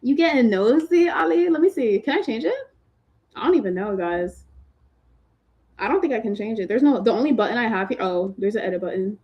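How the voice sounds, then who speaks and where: A woman's voice: fairly high pitch, animated, fairly quick, highs cut off. A woman from Massachusetts hosting a casual livestream, chatting with viewers in a slangy way, full of "like" fillers and playful teasing. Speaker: livestream host answering chat questions. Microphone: computer mic on a video stream.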